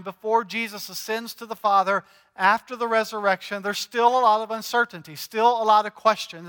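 A man's voice: high voice, sharp tone. A male pastor preaching a sermon in a conversational, joking way, asking his congregation questions. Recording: long hall reverb.

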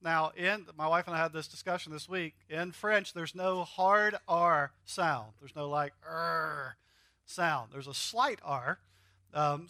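A man's voice: on the high side, bright, forceful tone, no echo, studio quality. A man with a Southern US accent preaching a sermon, joking with the congregation and having them repeat words after him. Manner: joking, teaching with call-and-repeat. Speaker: pastor.

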